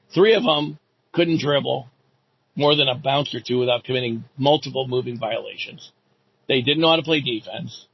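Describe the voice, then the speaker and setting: A middle-aged man rants with indignant, sarcastic heat, swearing freely as he vents about a rival coach. His voice sits a little high and has a gravelly, husky edge. The recording sounds dull and lo-fi. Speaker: former basketball coach. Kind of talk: ranting monologue.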